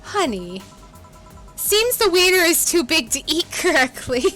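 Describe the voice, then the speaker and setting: Woman reading a playful, high-voiced flirt for a game read-through. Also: very animated, measured pace, a bit bright, faint music behind, exaggerated voice. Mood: teasing. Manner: playful, teasing.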